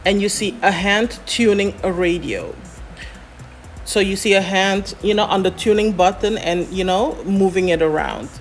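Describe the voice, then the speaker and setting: A woman scriptwriter explaining how to write a script in a relaxed, chatty way, often pausing on "um" and "you know". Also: mid-range voice, soft background music. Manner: chatty, many fillers, explains step by step. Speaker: scriptwriter guest. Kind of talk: explaining scriptwriting in a casual chat.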